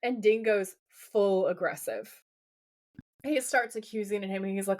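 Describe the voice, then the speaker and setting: A woman co-hosting a podcast, her voice sitting at an ordinary middle pitch. She talks through a TV episode scene by scene in a relaxed, chatty way. She slips into the characters' lines as she retells them. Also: measured pace. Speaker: podcast co-host. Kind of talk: casual chat recapping a TV episode.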